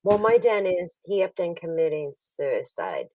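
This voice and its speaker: A woman's voice: on the low side, sing-song, unhurried, a little mellow, distant mic, low-quality recording. A woman hosting a casual stream chat. She tells stories animatedly, laughs often and acts out what other people said. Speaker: livestream host.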